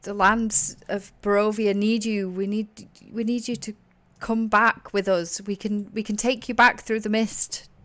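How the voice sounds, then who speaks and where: A woman's voice: medium pitch, flat delivery, unhurried, fairly bright tone, dry recording, lightly acted. A woman voicing a nervous young male messenger who stammers and pleads.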